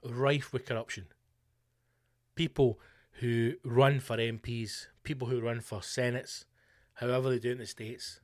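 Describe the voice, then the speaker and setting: A Scottish man hosting a comedy podcast, ranting in a sweary, animated way. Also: mid-range voice, a little slow. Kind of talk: comedic rant.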